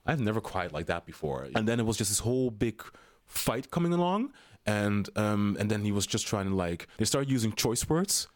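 A man with a fairly low voice, telling a story as a podcast guest. He talks casually and animatedly, tosses in "you know what I mean" every few lines, and turns blunt and profane when he gets heated. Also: big pitch swings, normal speed.

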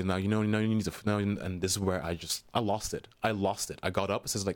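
A man, a podcast guest, telling a story in a casual, animated way, full of "you know what I mean" asides and blunt swearing when worked up. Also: fairly low pitch, racing, few pauses.

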